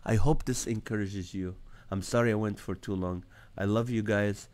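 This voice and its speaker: A man's voice: lowish voice, steady tone, normal speed, a little mellow. A man hosting his own live show, telling a personal story with earnest energy and acting out the dialogue. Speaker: comedian hosting a nightly live stream. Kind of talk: storytelling testimony to a live audience.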